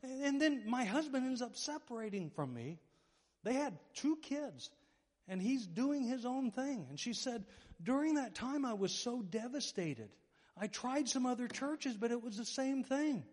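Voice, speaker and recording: A pastor preaches a sermon, telling stories animatedly and acting out the voices of the people in them. His voice is extremely high with a measured pace, and a long reverb tail trails his words.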